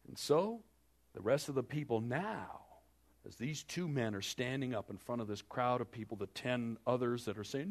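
A man preaching a sermon, telling the story dramatically with joking asides to the congregation, swinging between loud and hushed. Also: mid-range voice, expressive, brisk. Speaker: pastor.

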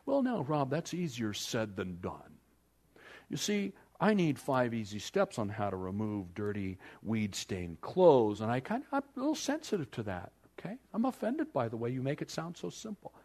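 A man's voice: mid-range voice, sing-song, moderate pace, a little mellow. A man doing a whiny, excuse-making churchgoer. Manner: whining, complaining.

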